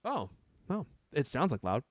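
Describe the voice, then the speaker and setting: Lively joking podcast host man. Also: on the high side, moderate pace, no echo, clean studio sound. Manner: animated, joking, many fillers and restarts. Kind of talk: casual podcast chat.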